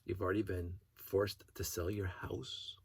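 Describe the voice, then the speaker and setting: A man's voice: sits low, level tone, measured pace, gravelly, slightly rough. A man talking in a rambling, casual monologue as a hobby vlogger, restarting sentences and breaking into short laughs. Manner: rambling, self-interrupting storyteller who laughs between thoughts.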